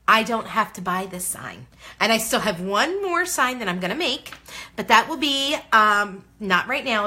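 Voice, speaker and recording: A woman's voice: medium pitch, bright, forceful tone. A woman in her thirties hosting a casual crafting tutorial, bubbly and exclamatory as she chats to viewers while she works. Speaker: craft video host.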